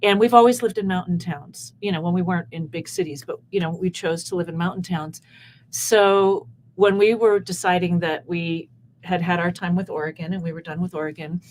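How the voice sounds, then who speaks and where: A woman's voice: fairly low pitch, fairly even intonation, fairly quick, slight background noise, poor audio. A woman from British Columbia, talking eagerly as a musician guest. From British Columbia, Canada. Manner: warm, enthusiastic storytelling. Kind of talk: casual interview.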